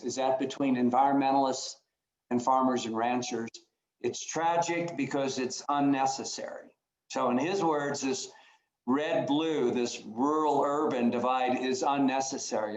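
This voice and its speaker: A man's voice: medium pitch, a little mellow, reverberant, poor audio. A man giving a conference talk over a video call, earnest and at times emotional, often restarting phrases. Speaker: conference speaker.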